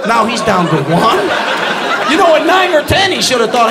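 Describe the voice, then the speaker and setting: A man doing a stand-up comedy routine on a club stage, ranting, shouting punchlines and bantering with the crowd. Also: very high-pitched, big pitch swings, normal speed, heavy background noise. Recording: live club with loud audience laughter. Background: crowd laughing.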